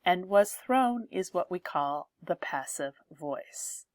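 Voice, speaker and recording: A woman explains English grammar in a clear, deliberate teaching voice. She talks slowly in a slightly low register, and the recording is dry and close. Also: animated, dry recording. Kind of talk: grammar lesson.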